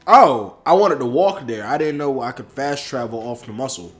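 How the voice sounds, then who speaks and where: A young man casually commenting while he streams a video game, talking to his chat in animated slang from home. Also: mid-range voice, normal speed, faint music behind. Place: indoors at home. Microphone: headphones on, streaming setup.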